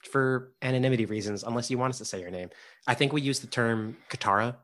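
A man's voice: medium pitch, fast, a bit bright. Young man cohosting a loose, laughing podcast chat. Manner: laughing, rambling, repeats words. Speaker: podcast co-host.

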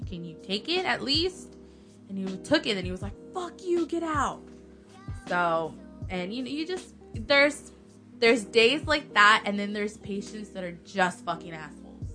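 A young woman working as a nursing assistant, chatting casually and telling lively work stories, acting out quoted voices and swearing freely. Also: medium pitch. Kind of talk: casual podcast chat.

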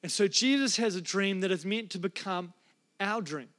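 A man's voice: high-pitched, normal speed, a bit bright. A man preaching a sermon as a pastor, telling a personal story in an earnest, emotional way with frequent restarts. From New Zealand. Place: church.

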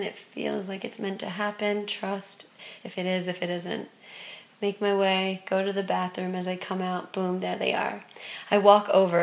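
A woman telling a personal spiritual story in an expressive way, moving from excited loudness to hushed softness. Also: mid-range voice, vocal fry.

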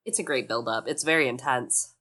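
A woman co-hosting a casual book discussion podcast, animated and sarcastic, swearing freely. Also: rumbling low, fairly quick. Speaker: podcast co-host.

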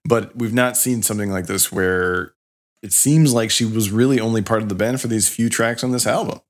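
A man co-hosting a podcast in casual chat, enthusiastic and quick to laugh along. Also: on the low side, fairly even intonation. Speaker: podcast co-host.

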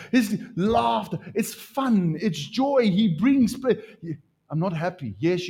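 A middle-aged man preaching a lively sermon as pastor, his voice leaping higher when he gets excited. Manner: animated preaching, pitch jumping up when excited.

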